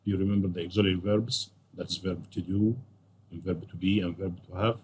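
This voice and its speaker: A man's voice: low-pitched, steady tone, brisk, darkish tone, slight background noise. A male English teacher walking through a textbook lesson, patiently going over questions and repeating the answers. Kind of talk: classroom lesson walkthrough.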